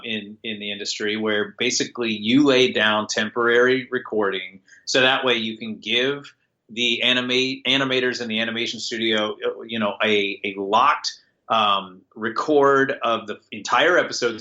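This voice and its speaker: A man's voice: medium pitch, normal speed, sharp tone, dull audio. An American man, a TV writer guest on a podcast, telling a long anecdote in a chatty, self-deprecating way and laughing often. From United States. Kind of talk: casual podcast interview.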